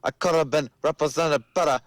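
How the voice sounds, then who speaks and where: Smooth-voiced man in casual chat. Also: on the high side, fairly even intonation, fairly quick, no echo. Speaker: podcast co-host.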